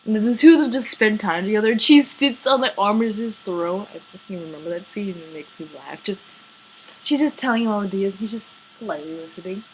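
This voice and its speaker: A woman's voice: mid-range voice, brisk, slight background noise, rough recording. A woman gushing about her favorite fictional couple in a casual vlog, swearing freely, gasping and laughing as she goes. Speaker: vlogger. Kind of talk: excited fan rant.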